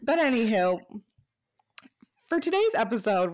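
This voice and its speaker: A woman's voice: mid-range voice, lively intonation, moderate pace. A woman co-hosting a podcast in casual chat, chatty and saying "like" often. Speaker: podcast co-host.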